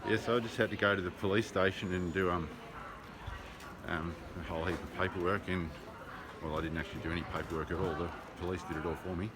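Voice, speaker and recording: An Australian man keeps a casual video diary as he walks and rides through city streets, speaking bluntly, swearing, and saying "um" a lot. His voice is low with fairly even intonation and a quick pace. It's phone video shot on a handheld phone, with loud street noise.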